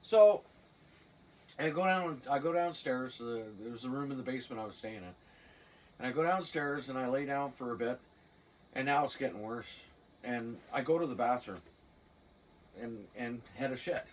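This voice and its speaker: A woman's voice: very deep voice, normal speed, pauses often, a little mellow, recorded from a distance, a little hiss or hum. A middle-aged woman with a Cape Breton accent, telling a personal story in a blunt, salty way with chuckles. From Cape Breton, Canada. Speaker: storyteller guest. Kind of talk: casual spoken anecdote.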